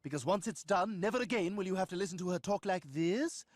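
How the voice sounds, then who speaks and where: Snide precocious cartoon baby. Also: male voice, high voice, expressive, fast, dry recording, clean studio sound, soft background music. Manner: snide, theatrical, mocking.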